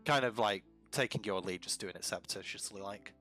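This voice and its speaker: A man's voice: fairly low pitch, a little fast, sharp tone, faint music behind. Casual male dungeon master. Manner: casual, with many fillers, keeps the story moving. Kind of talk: narrating a tabletop game.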